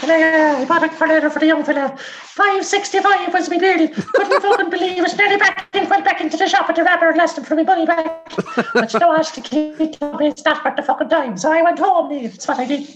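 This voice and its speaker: A man's voice: extremely high pitch, quick pace, muffled recording, over music, voice pushed up. A man voicing an indignant Irish mother who rings a radio show to ramble through a complaint.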